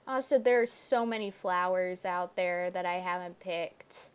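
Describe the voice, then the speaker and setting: A woman hosting a gaming video, chatting through her playthrough, laughing often and bursting into loud exclamations. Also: lowish voice, measured pace, hardly any pauses, clear, resonant tone. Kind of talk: let's play commentary.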